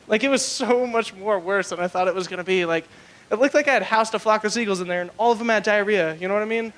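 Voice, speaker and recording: A young man works through a crude stand-up set on a club stage, his voice pitched high. He rambles and leans hard on filler words between punchlines. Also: brisk, fairly bright tone. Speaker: stand-up comedian. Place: comedy club stage, live.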